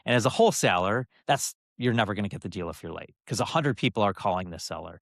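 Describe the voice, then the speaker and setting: Middle-aged male guest, low voice, dry close sound, loose anecdotal storyteller who repeats phrases for emphasis. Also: animated, quick pace, vocal fry, no echo. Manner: anecdotal, drives points home by repeating phrases; loose delivery with frequent fillers and restarts. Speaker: interview guest, former TV executive and branding coach. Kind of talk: conversational storytelling.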